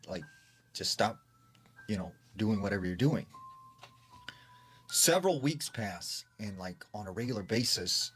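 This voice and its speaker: Low-voiced man telling a creepy story. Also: a bit bright. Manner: retells a secondhand tale with frequent "like" fillers. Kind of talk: casual spoken storytime.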